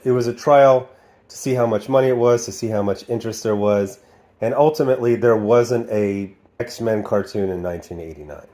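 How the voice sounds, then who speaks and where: A man's voice: on the low side, warm tone. A man in his forties from the Midwestern United States giving casual video commentary, sarcastic and prone to mocking, exaggerated voices when he quotes. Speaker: video reviewer.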